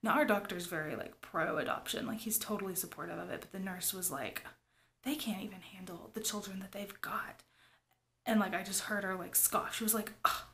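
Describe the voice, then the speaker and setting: A woman's voice: medium pitch, a little hiss or hum. A woman, talking to her viewers in a rambling, confiding way, often dropping to a whisper. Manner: rambling, confiding, lots of "like" and "you guys", often drops to a whisper. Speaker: family vlogger. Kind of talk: confessional vlog talk.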